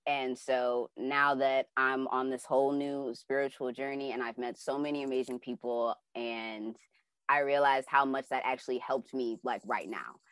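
A woman's voice: extremely low pitch, fairly even intonation, normal speed, a bit bright, smooth, dry recording. A young adult woman telling a personal story casually and with animation, acting out her own reactions and using many fillers. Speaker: class participant sharing a dream.

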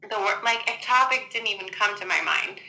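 Bright-voiced young woman telling her story. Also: mid-range voice, a little fast, creaky, a little hiss or hum, poor audio. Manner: chatty, many "like" fillers, acts out quotes. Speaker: guest. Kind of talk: casual personal storytelling.

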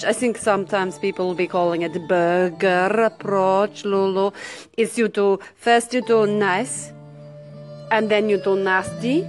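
A woman's voice: medium pitch, natural voice. A woman playing a brash, flirty Russian radio host with a mock Russian accent, theatrical and full of pet names. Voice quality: theatrical, coos pet names, swoops between purring and shouting. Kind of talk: comic character radio show.

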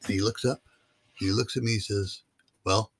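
A man's voice: fairly low pitch, steady tone, brisk, gravelly, breathy edge. A man who teaches mule-riding clinics, talking casually as an interview guest and telling stories with many fillers. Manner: drawling storyteller with fillers.

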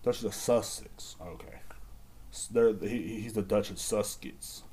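A man's voice: lowish voice, unhurried, mellow, breathy edge. A man hosting a casual solo podcast, rambling and swearing as he talks to himself. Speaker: podcast host.

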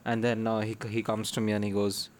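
A young man in casual chat with friends, excitable, often laughing and restarting his sentences. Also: lowish voice, brisk, a little hiss or hum.

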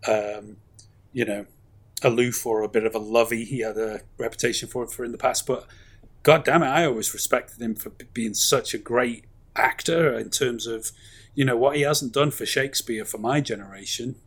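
A man's voice: medium pitch, moderate pace, a bit bright, breathy edge. A man, chatting casually about films in a rambling, enthusiastic way with plenty of fillers. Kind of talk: casual film chat.

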